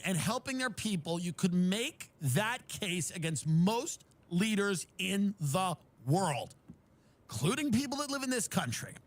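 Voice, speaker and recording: A man's voice: high voice, fairly bright tone. A man delivering an exasperated, sarcastic comedic rant, acting out others' voices in mocking asides.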